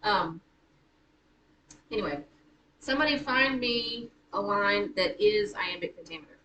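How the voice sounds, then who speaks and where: A woman leads a high school writing class in a loose, teasing way, stopping to correct herself as she goes. She sounds distant from the microphone in a reverberant classroom. Steady noise runs under her voice. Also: a little slow. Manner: chatty, self-correcting, teasing. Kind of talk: classroom teaching. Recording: echoey room, far from mic, noisy.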